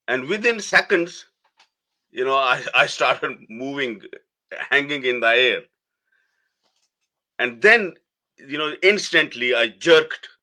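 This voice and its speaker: A middle-aged man, a guest telling a personal story in a halting way, restarting phrases. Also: on the high side. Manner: halting, restarts phrases, soft laughs between words.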